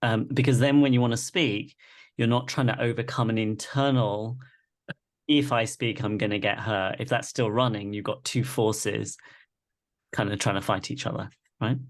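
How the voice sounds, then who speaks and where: Low gravelly guy teaching a live class on a video call, keeps saying right?. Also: steady tone, moderate pace. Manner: reflective, repeats "right?" often. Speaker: workshop facilitator. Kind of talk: live online masterclass teaching.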